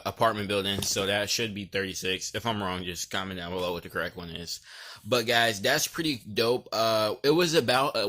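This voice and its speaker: A young man vlogging in a friendly, polite, chatty way, with casual slang and sales-pitch patter. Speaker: vlogger selling door to door. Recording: loud background music.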